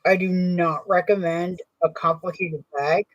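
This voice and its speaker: A woman's voice: fairly low pitch, steady tone, a little slow, no room sound, far from the mic, dull audio. A woman in a casual sewing tutorial, rambling and correcting herself as she works. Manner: chatty, rambling, self-correcting while working. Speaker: bag maker demonstrating sewing.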